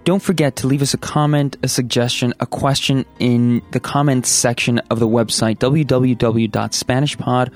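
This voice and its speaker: A man's voice: mid-range voice, fairly even intonation, moderate pace, hardly any pauses. A man with a mid-range voice co-hosting a podcast lesson, answering with dry, wry remarks. Faint music runs beneath him. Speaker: language podcast co-host. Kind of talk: scripted language lesson banter.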